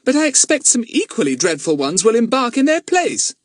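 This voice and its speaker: Man playing a sniffy storybook girl, high husky voice. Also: sing-song, a little fast, no room sound, studio quality, full character voice. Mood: disdainful. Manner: disdainful. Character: haughty girl, young teen.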